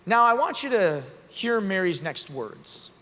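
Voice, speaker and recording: A man's voice: high-pitched, measured pace. A man speaking at a youth conference, retelling a scripture story with humor and acting out the characters. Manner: animated, joking, acts out characters. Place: large conference hall. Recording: long reverb of a large venue.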